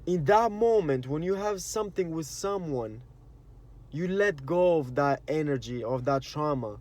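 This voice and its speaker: A man's voice: fairly high pitch, measured pace, a little mellow. A man giving a rambling, earnest spiritual monologue in casual slang, with plenty of "you know" and "like". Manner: rambling and earnest, acts out quoted inner voices. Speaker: spiritual vlogger.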